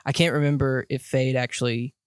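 A man talking about movies as a podcast co-host, measured and hesitant, with many ums. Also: mid-range voice, level tone, clean tone, no room sound, clean studio sound. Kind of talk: casual movie chat.

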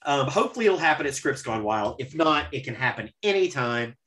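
A man hosting a casual podcast chat, telling stories in an animated way and swearing freely. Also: mid-range voice, a little fast. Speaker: podcast host.

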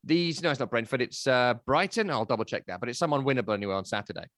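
A man, hosting a casual football analysis chat, chatty and animated. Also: medium pitch, racing, dry recording, clean studio sound. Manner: animated, chatty, breaks into silly voices. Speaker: football podcast host.

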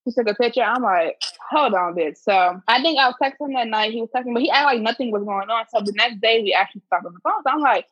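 Animated young woman with a husky voice. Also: fairly high pitch, quick pace. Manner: animated storyteller, swears freely, acts out quotes. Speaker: podcast host. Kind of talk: casual storytelling chat. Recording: muffled lo-fi recording.

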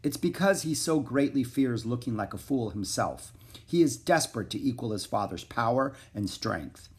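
Man reading a wise old teacher guy, calm, explains stuff slow and steady. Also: mid-range voice, close to an everyday voice. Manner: measured and explanatory.

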